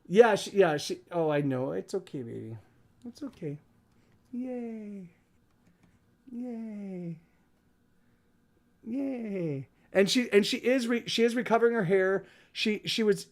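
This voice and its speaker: A man hosting a livestream, chatting casually, rambling with lots of restarts and repeated words. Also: sits high. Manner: soft baby talk to his dog. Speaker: livestream host. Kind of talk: casual chat.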